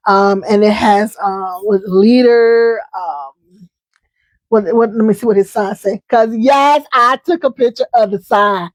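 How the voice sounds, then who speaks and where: A woman's voice: medium pitch, unhurried, dry recording. A woman hosting a casual live chat, talking in a chatty, emphatic way and often repeating herself. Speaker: host.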